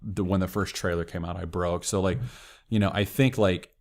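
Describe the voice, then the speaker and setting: Deep-voiced excitable man telling stories. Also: normal speed. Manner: excitable storyteller, heavy use of "like". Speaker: podcast guest. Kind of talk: casual interview chat.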